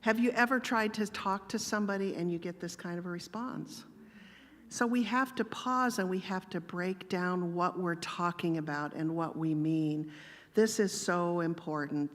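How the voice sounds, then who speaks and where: A woman gives a sermon-style talk in an even, gently conversational manner, telling personal stories. Her voice sits low. A long church-hall reverb trails after every phrase. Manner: calm, measured, gently conversational. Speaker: guest speaker.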